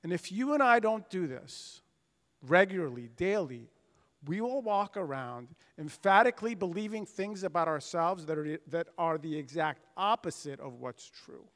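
A man's voice: high-pitched, animated, moderate pace, fairly bright tone. A man preaching a sermon with earnest, emphatic delivery, acting out the voices of scripture figures. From United States. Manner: earnest preaching with emphatic swells and dramatized quotes. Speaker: pastor. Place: church sanctuary. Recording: long reverb of a church hall.

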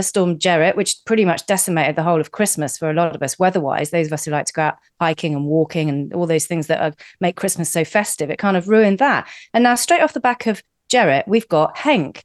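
A woman from the UK co-hosting a talk radio show, talking in a chatty, animated way. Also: lowish voice, fairly quick, few pauses, dry recording, clean studio sound. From United Kingdom. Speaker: radio co-host.

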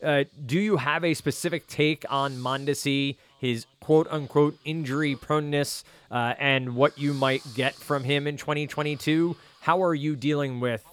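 A man's voice: a little high, fairly even intonation, moderate pace, few pauses, fairly bright tone, clear, resonant tone. A man with a New Jersey accent hosting a podcast, asking questions in a friendly, casual way. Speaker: podcast host.

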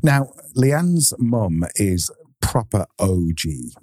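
A man in his thirties co-hosting a casual podcast, telling stories in an animated, jokey way. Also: fairly low pitch, drawn-out words, dry recording, studio quality. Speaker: podcast co-host. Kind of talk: casual chat.

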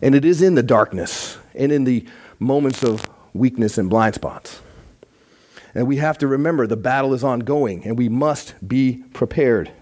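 Man, sermon, earnest and emphatic, warm mellow voice. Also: mid-range voice, moderate pace. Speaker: church teacher.

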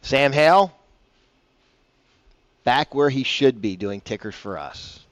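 A man's voice: mid-range voice, expressive, slow, dry recording. A man hosting a casual morning golf radio show, rambling and chatty with self-deprecating asides, on a broadcast mic. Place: broadcasting from a bar.

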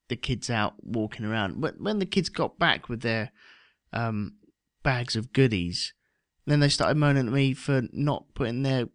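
A man chatting with a relaxed, wry manner. His voice sits at a middle pitch. The recording is dry and close. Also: dry recording. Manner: relaxed, wry, trailing off with restarts. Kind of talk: casual chat.

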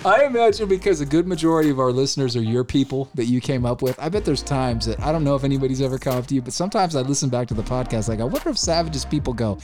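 A man's voice: medium pitch, racing, few pauses, soft background music. A man co-hosting a podcast in casual chat, a rambling storyteller who likes to talk. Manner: rambling storyteller, animated impressions. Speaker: podcast co-host.

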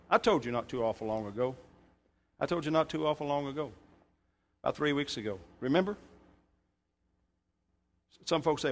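A man's voice: fairly high pitch, big pitch swings, normal speed, long pauses. A male pastor preaching a sermon in a church, emphatic, with joking asides to the congregation. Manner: emphatic, bursts louder for scripture and punchlines. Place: church sanctuary.

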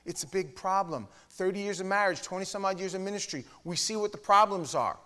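A middle-aged man preaching a sermon in a Bible study, blunt and emphatic, with his voice swinging from loud to hushed. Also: sits high, a little fast. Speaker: pastor teaching a Bible study.

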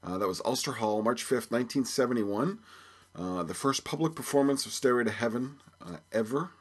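A husky, expressive man of about fifty from Belfast, Northern Ireland, hosts a casual solo podcast. His voice sits at medium pitch and moves a little fast, and he rambles and jokes with plenty of fillers.

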